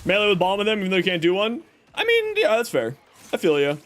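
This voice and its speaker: Lively upbeat man streaming a game. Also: high voice, fast. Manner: upbeat, greets chat warmly, baby-talks his pet. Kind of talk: live gameplay streaming, chatting with viewers.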